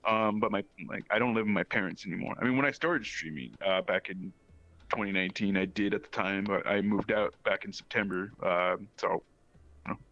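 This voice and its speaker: A young man guest chatting casually, rambling with many pauses and restarts. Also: lowish voice, a bit bright, muffled recording. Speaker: guest streamer. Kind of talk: casual chat.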